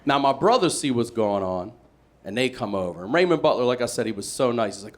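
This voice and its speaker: Fields: Sex: man. Style: stand-up storytelling, animated. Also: medium pitch, brisk, noisy background. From Maryland, USA. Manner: animated, acts out voices, builds to loud punchlines. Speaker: stand-up comedian. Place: comedy stage with a live audience.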